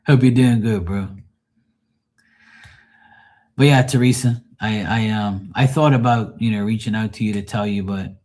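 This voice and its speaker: A man's voice: on the low side, a little mellow. A middle-aged man talking casually and frankly to his live viewers, grieving, rambling and swearing freely. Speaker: livestream host.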